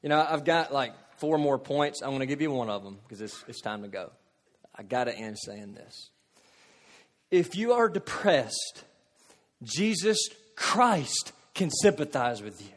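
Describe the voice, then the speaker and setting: A middle-aged male pastor preaching a sermon with passion, building to loud emphatic peaks and easing into a soft, gentle invitation. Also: medium pitch, expressive, unhurried. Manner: impassioned preaching that swells loud, then drops to soft invitation.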